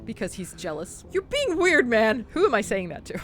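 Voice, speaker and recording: A woman's voice: a little high, very animated, normal speed, few pauses. Playful, laughing woman streamer. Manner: playful, laughing, swearing, loud outbursts. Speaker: game streamer. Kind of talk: playing and reading a story game aloud.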